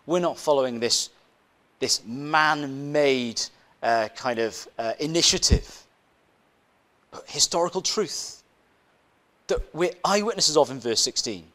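A man's voice: on the high side, measured pace, long pauses, fairly bright tone. A male preacher giving a conversational sermon, telling a personal story, often asking the congregation rhetorical questions and repeating his phrases.

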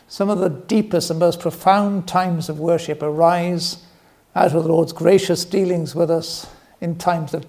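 A man preaching a sermon in a gentle, earnest way. His voice is mellow and gravelly, and it sits a little high. He slows down and softens when he wants to stress a point. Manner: gentle, earnest storytelling with soft, slowed emphasis.

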